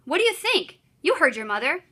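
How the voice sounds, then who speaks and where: A woman's voice: sits high, sing-song, brisk, sharp tone, heavily acted. A woman reading aloud as a bossy, impatient older teenage brother from a storybook, with a commanding manner.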